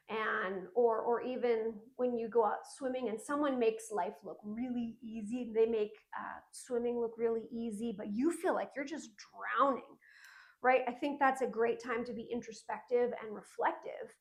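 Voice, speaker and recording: A woman with a high voice co-hosts a casual wellness chat. She talks in an earnest, reflective way and tells stories, often restarting her sentences as she goes. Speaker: podcast co-host.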